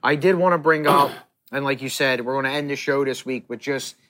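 A man's voice: medium pitch, fairly quick, sharp tone. A man hosting a casual chat at a restaurant, prompting his guest and agreeing with short replies. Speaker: podcast host.

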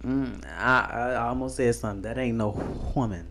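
A man in his twenties with a soft voice co-hosting a podcast, chatting casually and rambling with lots of fillers. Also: medium pitch, steady tone, a little fast, slight background noise. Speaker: podcast co-host.

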